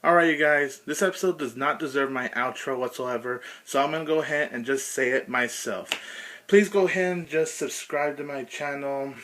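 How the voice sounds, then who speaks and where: A man's voice: mid-range voice, normal speed, fairly bright tone. A man ranting emphatically through a frustrated cartoon episode review.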